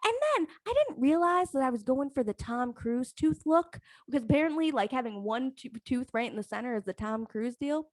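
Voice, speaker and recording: A young woman spins a comic personal story on a live stream, swearing freely and mocking herself with animated energy. Her voice sits a little high and sounds dry and close, with no room around it. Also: a little fast, few pauses, dry recording. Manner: profane, animated, self-mocking.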